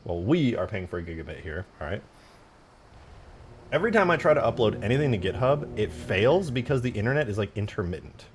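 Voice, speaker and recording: A young man with a lowish voice talks on a live stream. His pitch swings widely as he rambles through profane, slang-heavy stories. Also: sing-song, a little fast. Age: 20s. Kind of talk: casual live-stream chat.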